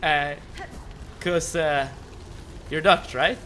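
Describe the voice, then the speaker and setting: A man's voice: fairly high pitch, fairly even intonation, very slow, a little hiss or hum. A young man with a Swedish accent chatting with his live-stream viewers while playing a game. He stammers and repeats words a lot and laughs often. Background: soft game music.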